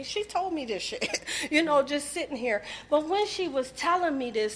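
A middle-aged woman giving a raw, profane personal testimony at a recovery meeting, swinging between hushed and shouting. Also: high-pitched, slight background noise. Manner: raw, emotional, profane storytelling.

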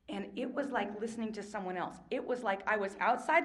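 A woman's voice: mid-range voice, a little fast, few pauses. Candid woman sharing her recovery story. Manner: candid, self-mocking, swings between hushed and loud. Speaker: recovery workshop speaker. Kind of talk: personal testimony talk.

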